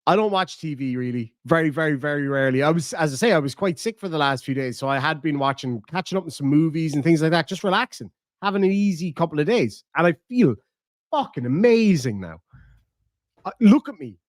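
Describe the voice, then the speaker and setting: A man's voice: on the high side, expressive, a little fast, dry recording, clean studio sound. An Irish man hosting a live stream, mocking a rival with profane, jokey banter. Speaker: live-stream host reacting to clips. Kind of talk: casual live-stream commentary.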